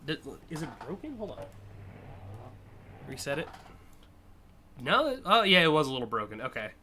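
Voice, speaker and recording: A man's voice: fairly high pitch, wildly swooping pitch, normal speed, pushed and bright. A man streaming live, casually and enthusiastically judging car designs, with frequent fillers and swearing.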